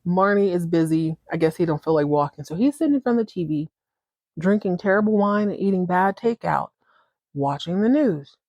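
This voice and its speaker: A woman host chatting casually through a TV episode recap, slangy and animated. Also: fairly low pitch, brisk, no echo, clean studio sound. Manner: chatty, slangy, acts out characters. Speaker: podcast host.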